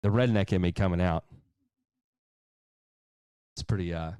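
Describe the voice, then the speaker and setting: A man's voice: low voice, slow pace, pauses often, warm tone, clean tone, no echo, faint music behind. Guy hosting a lawn care stream, reading chat and joking around, dry close sound. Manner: joking, chatty, answers viewer comments. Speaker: lawn care show host. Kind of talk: casual livestream chat reading.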